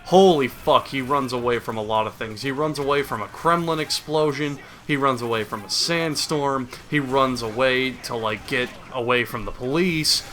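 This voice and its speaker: A man rambles through a movie recap, crude and mocking. His voice is bright and forceful. Faint hiss sits under the recording. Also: medium pitch, normal speed, hardly any pauses. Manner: rambling, crude, sarcastic, mocks with silly voices. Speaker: video host. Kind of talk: profane comedic movie recap.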